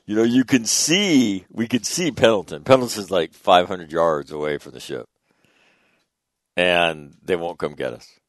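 Middle-aged socal guy rambling thru a story on his radio show, real low voice, dry close sound. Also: lively intonation, unhurried, no echo. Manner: rambling, chatty anecdote with wry asides. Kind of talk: casual on-air storytelling.

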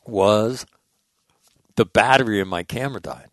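A middle-aged man hosting, telling stories in a rambling, animated way with lots of restarts and casual swearing. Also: lowish voice, normal speed, no room sound. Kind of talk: casual storytelling monologue.

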